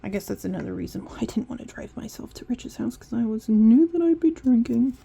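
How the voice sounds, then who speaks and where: A woman's voice: a little high, animated, brisk, creaky, mellow, slightly rough. A woman vlogger chatting casually and rambling while she decorates her planner. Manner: chatty, rambling, self-interrupting.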